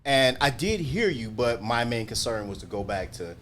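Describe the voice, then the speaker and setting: A man's voice: medium pitch, sing-song, normal speed, a bit bright, slight background noise. A talent manager, a man who is a guest on a live chat and explains his work in a laid-back, patient way. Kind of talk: casual interview chat. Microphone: video call.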